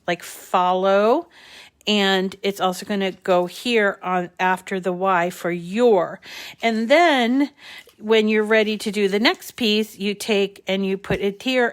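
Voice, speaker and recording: Slow chatty woman crafting host. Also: medium pitch. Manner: slow, chatty, hesitant with many ums. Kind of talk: live craft tutorial chat.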